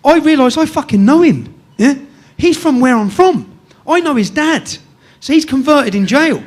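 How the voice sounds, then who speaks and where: An English man telling a rough story in casual chat, swearing freely and tagging sentences with "yeah?". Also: extremely high pitch, expressive, normal speed. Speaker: guest storyteller.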